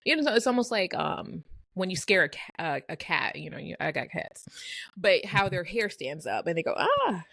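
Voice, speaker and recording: A woman's voice: fairly low pitch, expressive, normal speed, creaky, a bit bright, dry recording, studio quality. A woman and mother co-hosting a casual podcast chat, telling family stories in a reflective way. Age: young adult to middle-aged, a mother. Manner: reflective, tells stories with little laughs. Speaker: podcast co-host.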